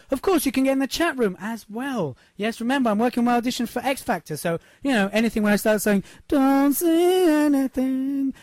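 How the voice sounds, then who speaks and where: Brief: high-pitched male radio host, punchy motivational delivery, very dry close studio sound. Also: a little mellow, no room sound. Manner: emphatic, repeats points, asks "yes?". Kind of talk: upbeat motivational radio talk. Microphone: studio microphone.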